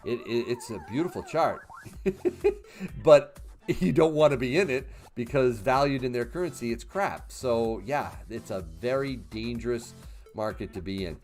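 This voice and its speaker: A man's voice: mid-range voice, lively intonation, measured pace, darkish tone, faint music behind. A man in his fifties hosting a casual livestream, reading chat questions aloud and answering in a chatty way with fillers and laughs. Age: 50s. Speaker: livestream host.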